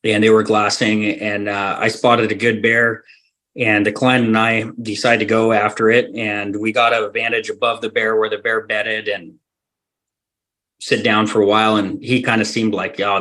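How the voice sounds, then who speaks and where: A man from Alaska, a hunting guide, tells a story on a podcast with easy, unhurried energy. He laughs often and acts out what people said in quick bursts. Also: on the low side, sharp tone.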